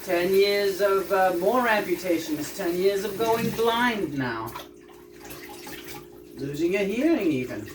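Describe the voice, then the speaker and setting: A woman's voice: medium pitch, lively intonation, takes it slowly, background noise. Woman vlogger, casual profane rant. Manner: profane, emotional ranting. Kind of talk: casual monologue.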